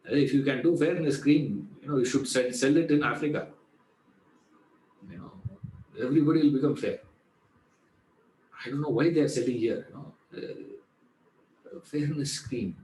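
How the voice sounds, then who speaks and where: In a mid-range, slightly mellow voice at normal speed with long pauses, a man teaches a Vedanta class in a chatty, conversational lecture. He keeps saying "you know" and poses rhetorical questions that he then answers. The recording is rough and reverberant, with slight background noise.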